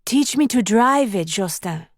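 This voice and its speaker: A woman's voice: fairly high pitch, lively intonation, measured pace, no room sound, clean studio sound. A woman voicing a spirited, headstrong young heiress who coaxes and teases playfully. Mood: coaxing. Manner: coaxing, playful.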